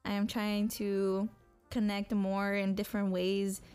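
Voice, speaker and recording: A woman's voice: mid-range voice, completely flat delivery, a little slow, a little mellow, smooth, faint music behind. A young woman co-hosting a podcast, talking alone in a blunt, profane, self-motivating monologue. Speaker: podcast co-host.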